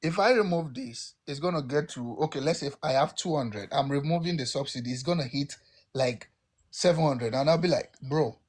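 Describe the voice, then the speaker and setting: A man's voice: fairly high pitch, a little fast. A man with a Nigerian accent on a casual podcast, arguing bluntly and emphatically with examples. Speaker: podcast co-host.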